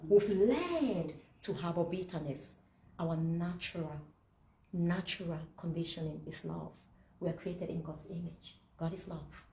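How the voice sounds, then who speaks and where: A woman with a fairly low voice preaches to a gathering, posing rhetorical questions and quoting scripture. Her voice rings around a roomy hall, with faint noise underneath. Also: warm tone. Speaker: speaker leading a masterclass. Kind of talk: sermon-like teaching talk. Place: event room.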